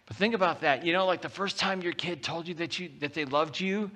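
A man preaching a sermon as pastor, talking in a lively, conversational way and reading scripture aloud with rising intensity. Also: a little high, brisk. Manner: animated and conversational, often acting out quotes.

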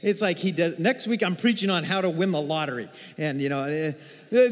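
A man preaching a sermon as pastor, telling a personal story with animated swings between hushed and excited delivery. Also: fairly high pitch, normal speed. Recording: reverberant hall.

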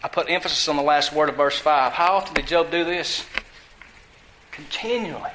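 A man's voice: fairly high pitch, fairly even intonation, fast, reverberant, noisy background. A man preaching a teaching sermon, asking the congregation questions and answering them himself. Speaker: pastor.

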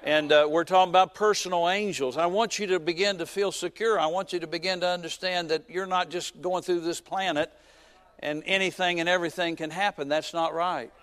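A man in his fifties, a pastor preaching a sermon who tells a personal story with joking asides and swings between loud and soft. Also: high voice, steady tone, a little fast.

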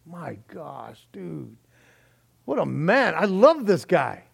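Male pastor, sermon delivery, lively and conversational, higher-pitched voice. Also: slow, vocal fry, breathy edge. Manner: animated, acts out quoted voices, says "man" often.

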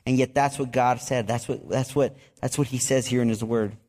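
A man preaches in an everyday, mid-range voice with nothing about it that stands out. He talks to the congregation like a friend, restarting and repeating words, and he gets animated when he tells a story. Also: mid-range voice, moderate pace. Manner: animated storytelling with excited outbursts. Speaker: pastor. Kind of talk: sermon.

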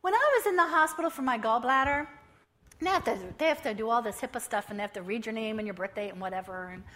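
Bright, high-voiced woman around fifty. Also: quick pace. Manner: lively storytelling, acting out dialogue. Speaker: missionary speaker. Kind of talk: church testimony.

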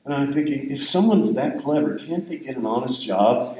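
A man's voice: mid-range voice, animated, moderate pace, few pauses, darkish tone, reverberant, slight background noise, poor audio. An older man giving a sermon in a conversational, rambling storytelling way. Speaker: pastor.

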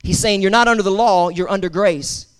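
A pastor preaches briskly in a high, clear, resonant voice that is a bit bright. His sermon is emphatic, with repeated words for emphasis, call-and-response with the congregation, and casual asides.

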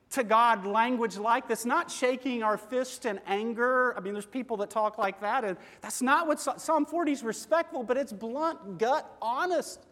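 A man's voice: very high voice, a bit bright, long reverb tail. A middle-aged man preaching a sermon in a church, earnest and conversational, asking his listeners questions. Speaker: pastor.

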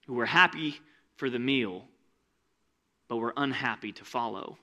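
A man preaching a sermon in a church, animated and conversational, with asides to the congregation. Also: mid-range voice, unhurried, long pauses. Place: church sanctuary with rows of seats.

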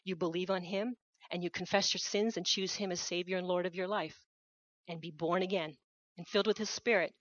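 A woman's voice: fairly low pitch, fairly even intonation, brisk, no echo. A woman preaches a missionary sermon with an earnest, urgent push, circling back on her key phrases. Her voice sits mid-range and is picked up close and dry, with a somewhat dull, muffled tone. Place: church hall.

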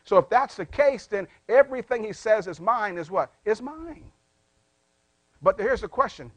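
A man preaching a sermon, asking his congregation questions and prompting them to answer, with big swings in loudness and pitch. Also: animated, moderate pace, no echo. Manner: call-and-response questions to the congregation. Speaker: pastor.

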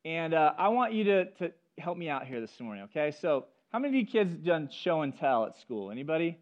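A man's voice: fairly high pitch, sing-song, a little fast, highs cut off. A man preaching a sermon, telling stories and speaking directly to the congregation and its children. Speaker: pastor. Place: church service.

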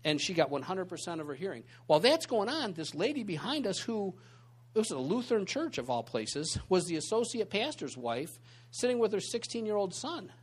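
Guy with a pretty high voice giving a laid-back sermon, storytelling, lots of asides. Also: fairly quick, husky. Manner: conversational, animated storytelling with many asides. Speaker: pastor teaching a church group. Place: church meeting room.

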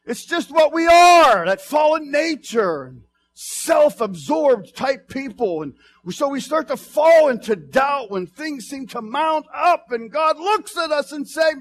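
Pastor, male, high-pitched, sermon delivery that swings between soft murmurs and fervent shouts. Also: expressive, normal speed, slight background noise. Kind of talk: preaching sermon. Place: church.

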